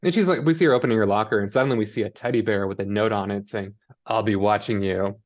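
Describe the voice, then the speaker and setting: A man's voice: on the low side, fast talker, highs cut off. A man casually recapping a TV episode with a co-host, rambling and quoting characters in mock voices. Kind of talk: casual chat.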